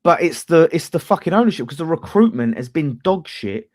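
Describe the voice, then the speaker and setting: A man's voice: fairly high pitch, brisk. A man, hosting a fan channel and arguing about football in a casual, sweary debate. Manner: animated, swears freely, talks over others.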